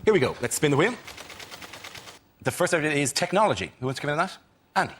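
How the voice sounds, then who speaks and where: A man hosting a comedy panel show, announcing rounds briskly in front of a studio audience. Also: a little high, lively intonation, fairly bright tone, slight background noise. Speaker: host.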